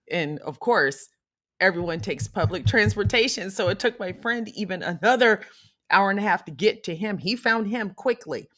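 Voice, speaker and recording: A woman's voice: mid-range voice, expressive, normal speed, a bit bright. A woman from Ohio, a podcast guest, recounting a travel ordeal with emphatic storytelling. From Cleveland, Ohio. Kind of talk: casual chat.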